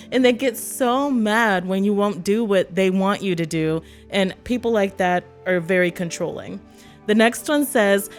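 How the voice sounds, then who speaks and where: Chatty woman vlogger with faint music. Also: mid-range voice. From East Texas. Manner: chatty, laughs often, acts out quotes in other voices. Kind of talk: casual talk to camera.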